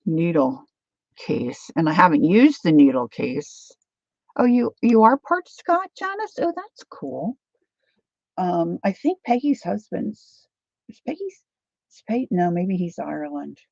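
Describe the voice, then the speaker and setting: A woman's voice: sits low, creaky, a little mellow, husky, dry recording, lo-fi sound. A woman hosting a craft livestream, rambling chattily through a demo and answering viewer comments.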